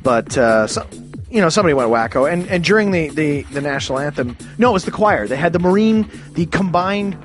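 A man's voice: fairly high pitch, animated, fairly quick, soft background music. A man from Canada ranting in a rambling, profane way, with many restarts and sudden exclamations. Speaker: ranting commentator.

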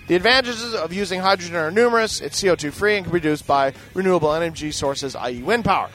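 A man's voice: high-pitched, a bit bright. A man reading tech news aloud and breaking off into profane, sarcastic asides as a podcast host.

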